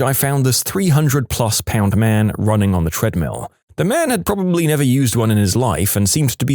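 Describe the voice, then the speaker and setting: A man's voice: mid-range voice, darkish tone, dry recording. A man narrating a series of short workplace stories in a scripted voice-over, adding his own dry asides between them.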